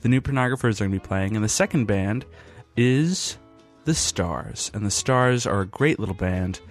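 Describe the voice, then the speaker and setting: A man hosting a podcast in a casual, rambling way, worn out after a long day and pausing often with fillers. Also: on the low side, lively intonation, soft background music. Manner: rambling, halting, with frequent fillers. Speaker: podcast host.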